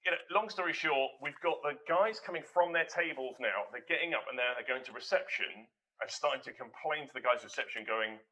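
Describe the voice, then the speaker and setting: Man, piercing bright tone, casual anecdote, rambling, animated. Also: medium pitch, fairly quick, slight background noise, low-quality recording. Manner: animated, rambling, acts out quoted voices. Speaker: hospitality manager guest.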